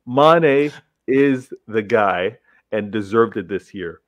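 A man's voice: lowish voice, lively intonation, takes it slowly, dry recording. A man with an accent, arguing football points in a casual panel chat with emphatic repeats. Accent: non-English accent.

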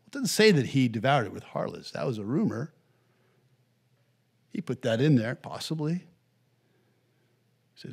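Animated male pastor preaching. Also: mid-range voice, moderate pace, gravelly, long pauses, breathy edge. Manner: animated preaching, voicing the angry older brother in bursts; swings between hushed asides and loud exclamations. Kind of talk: sermon.

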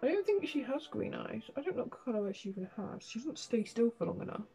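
A woman's voice: fairly high pitch, sing-song, brisk, vocal fry, dark tone, soft background music. A young woman doing a casual makeup vlog, self-mocking and swearing as she talks to herself and her dog. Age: young adult. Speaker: beauty vlogger.

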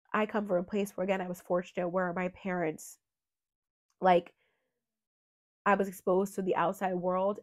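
A woman's voice: fairly low pitch, dry recording, clean studio sound. Nasal young woman rambling earnestly. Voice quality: nasal from a cold. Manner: rambling, filler-heavy, heartfelt. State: sick with a cold. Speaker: true crime channel host. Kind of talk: casual emotional monologue.

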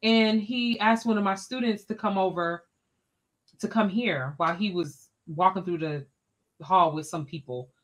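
A woman, an education scholar, telling a personal story as a podcast guest in an animated, expressive, colloquial way. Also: mid-range voice, a little slow.

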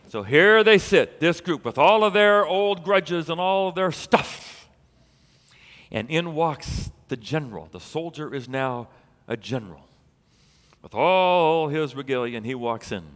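A man preaching a sermon as a pastor, telling a story in an animated way and building to emphatic peaks. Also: on the high side, big-room sound.

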